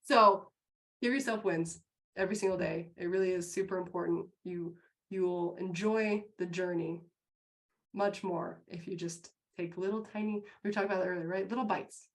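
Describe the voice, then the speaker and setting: A woman's voice: fairly even intonation, normal speed. Upbeat woman co-host. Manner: upbeat and encouraging, bursts high acting out quotes. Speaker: co-host of a live business show. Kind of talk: motivational talk to a live online audience.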